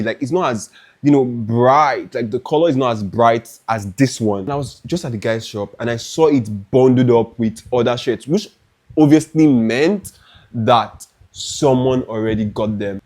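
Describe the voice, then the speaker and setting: A young Nigerian man with a Nigerian accent, telling a lively, dramatic story in a chatty clothing haul vlog. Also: mid-range voice, normal speed. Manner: animated, dramatic, restarts often. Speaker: fashion vlogger.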